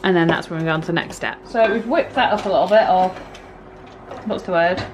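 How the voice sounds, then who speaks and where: A woman's voice: on the low side, fast talker, a little hiss or hum, rough recording. A woman, chatting casually through a home baking vlog, self-deprecating and easygoing. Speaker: vlogger. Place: home kitchen.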